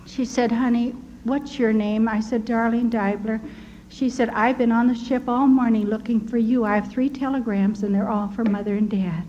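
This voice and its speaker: An older American woman earnestly recounting personal wartime memories in a tender, animated storytelling manner, with a slightly dull recording and faint hiss. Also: fairly high pitch, normal speed. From United States. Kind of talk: personal testimony.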